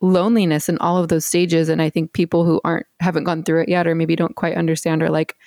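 A woman from the United States hosts a podcast in a low, gravelly voice. She talks earnestly and casually, leaning on fillers as she goes. The sound is close and dry. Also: little pitch movement, fast, a little mellow, dry recording. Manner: earnest, conversational, many fillers like "like" and "you know". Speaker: podcast host.

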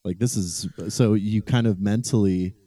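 Mellow low-voiced man chatting. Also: normal speed, dry recording, clean studio sound. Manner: relaxed, laughs easily, reads from an article. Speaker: podcast co-host. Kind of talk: casual chat.

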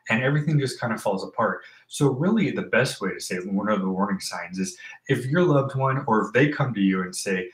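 A man in casual personal talk, earnest and halting, with many fillers and restarts. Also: fairly low pitch, animated, echoey room, poor audio. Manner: reads from a list aloud. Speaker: host talking about mental health.

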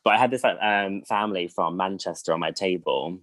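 A young British man with a low, deep voice tells stories in a loose, chatty way, leaning on fillers as he goes. The sound is dry and close, with no room around it. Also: fairly quick, a bit bright, dry recording. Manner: chatty storyteller, lots of fillers. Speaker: guest. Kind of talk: casual chat.

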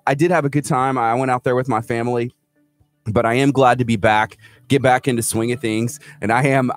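A man's voice: mid-range voice, no echo. A man from Houston, co-hosting a morning show and telling stories animatedly, acting out the people he quotes. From Houston, Texas. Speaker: radio co-host. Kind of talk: casual morning show banter.

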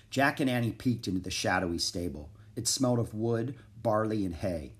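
Brief: male storybook reader, even and measured narration. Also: fairly low pitch. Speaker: audiobook reader.

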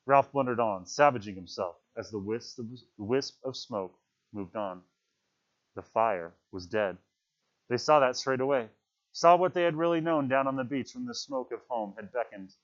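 A man reading a novel aloud in steady, measured scripted narration. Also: medium pitch. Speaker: audiobook narrator. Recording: dull lo-fi recording.

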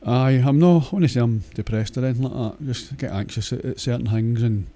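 A man's voice: medium pitch, a little fast, warm tone. A Scottish man talking in a casual, rambling monologue, blunt and crude, swearing often and hesitating with many fillers.

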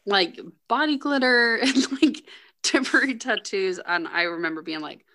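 Gravelly-edged young woman storyteller. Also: on the high side, normal speed. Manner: relaxed storyteller, laughs easily. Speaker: podcast co-host. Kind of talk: casual chat among friends.

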